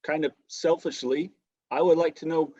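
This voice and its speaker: A man's voice: fairly high pitch, steady tone, moderate pace, warm tone, dry recording, highs cut off. Frank, casual male podcast host. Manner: casual, frank, swears freely. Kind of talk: casual interview chat.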